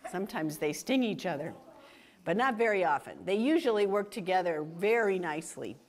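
A woman reading a picture book aloud to children, animated and full of questions for them. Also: lowish voice, fairly quick. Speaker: children's storytime reader.

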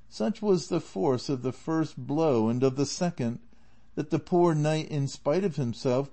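Male narrator, classic novel audiobook, measured, mellow, slightly high voice.

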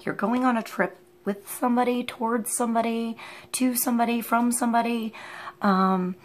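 A woman giving an unscripted tarot reading, musing and halting as she thinks aloud with many pauses. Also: fairly high pitch, little pitch movement. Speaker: tarot reader.

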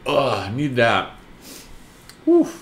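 A man's voice: mid-range voice, wildly swooping pitch, slow, reverberant, a little hiss or hum. A man co-hosting a live drawing stream in casual chat, joking easily and greeting viewers while he works. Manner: easygoing, jokey, greets viewers. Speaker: co-host and artist drawing live.

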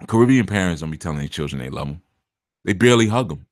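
Male spiritual teacher, casual and chatty, low voice, dry close recording. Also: expressive, quick pace, dry recording. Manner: conversational, laughs often, puts on voices for quotes. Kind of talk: casual talk to listeners.

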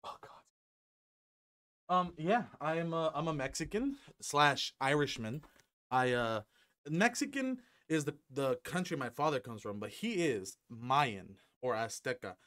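Young dude rambling to his viewers, really animated voice, cracks jokes and swears, headset mic at home. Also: on the high side, unhurried. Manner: rambling, joking, swears freely, many fillers. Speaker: gaming YouTuber. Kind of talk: casual rambling vlog to camera.

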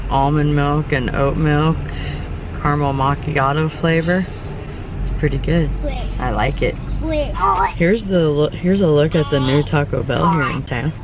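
A woman's voice: sits low, background noise. A young adult woman narrating a casual family vlog to her viewers in a chatty way. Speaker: family vlogger.

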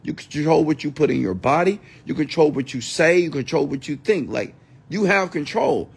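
Gravelly, profane motivational ranter, man. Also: a little high, lively intonation, normal speed. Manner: blunt, profane, mocks whiny voices. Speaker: entrepreneur and mentor hosting a livestream. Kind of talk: late-night motivational rant.

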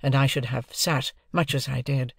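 A man reading a classic novel as an audiobook, with a measured, phrase-by-phrase delivery. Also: mid-range voice, steady tone, gravelly, slightly rough, no echo, clean studio sound. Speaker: audiobook narrator.

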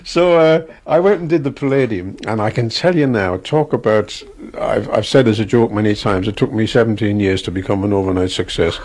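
A man's voice: fairly low pitch, a little fast, hardly any pauses, a little mellow. An older man with an Irish accent telling chatty stories about his career as an entertainer in an interview. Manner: chatty storyteller, chuckles, restarts. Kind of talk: relaxed anecdotal interview.

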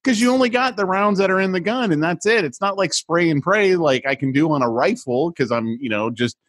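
Relaxed man chatting on a podcast, dry sound. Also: high-pitched, brisk, no room sound. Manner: relaxed, rambling, hesitant fillers. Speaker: podcast co-host. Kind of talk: casual chat.

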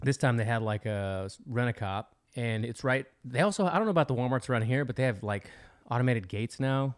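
Male podcast co-host, brisk and chatty. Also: medium pitch. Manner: quick rambling anecdote-telling with self-corrections. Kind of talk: casual podcast chat.

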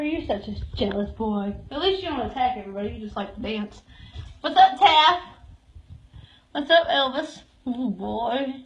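A woman's voice: high voice, highs cut off, slight background noise. A woman giving a live tour of a cat shelter, cooing and baby-talking to the cats as she goes. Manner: coos and baby-talks to cats.

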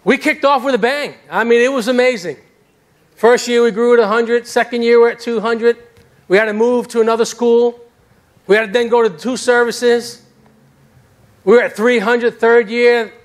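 A middle-aged male pastor preaching a sermon about his own life, telling it in an animated, self-deprecating way. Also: very high voice, moderate pace. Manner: animated storyteller, acts out voices, self-deprecating humor. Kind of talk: sermon with personal testimony. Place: church sanctuary.

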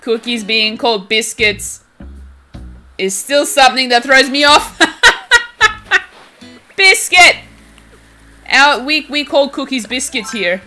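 A woman's voice: a little high, a little slow, sharp tone. A woman chatting casually and giggling often while live-streaming a game and answering her chat. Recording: faint game music behind.

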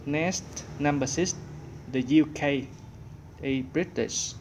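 A man leads an English workbook lesson at a very slow, unhurried pace. He thinks aloud as he searches for each answer, and a faint background hum sits under his voice. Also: on the high side. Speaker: English teacher.

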